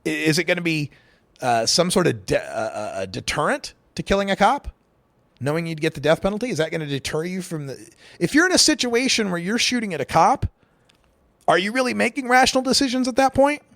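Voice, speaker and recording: A man's voice: sits high, very animated, brisk, creaky, a bit bright, no room sound. A middle-aged man from Idaho, hosting a talk radio show and giving emphatic, opinionated political commentary with sarcastic asides.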